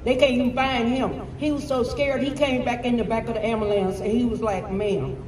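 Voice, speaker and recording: A middle-aged woman telling of her son's death at a rally, halting and searching for words, recorded from a distance with echo and noise. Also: a little high, fairly even intonation, a little mellow. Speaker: mother of the deceased, rally speaker. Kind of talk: personal testimony at a rally. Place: public rally. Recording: echoey, distant, noisy outdoor rally recording.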